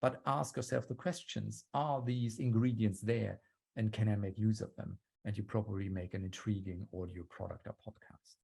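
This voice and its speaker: A man's voice: fairly low pitch, steady tone, normal speed, gravelly, a little mellow, husky. A man giving a talk on storytelling over a video call, explaining step by step and acting out quoted lines. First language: German. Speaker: guest speaker on storytelling.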